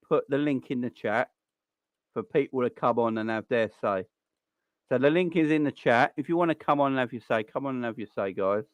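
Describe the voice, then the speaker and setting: A man's voice: mid-range voice, clear, resonant tone, no echo. A man with a South London accent hosting a football call-in stream, talking in a blunt, opinionated way and repeating his points. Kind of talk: casual live-stream commentary.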